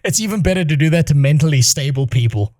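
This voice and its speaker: Lively, laughing man reacting to a clip. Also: on the high side, fast talker, no room sound, clean studio sound. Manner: rambling, crude, breaks into laughter. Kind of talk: casual reaction commentary.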